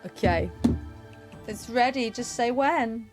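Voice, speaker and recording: A woman's voice: mid-range voice, normal speed, soft background music. A young woman chatting casually with her viewers while she plays a game, giggling and humming little sound effects. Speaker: game streamer. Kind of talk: casual live-stream chat.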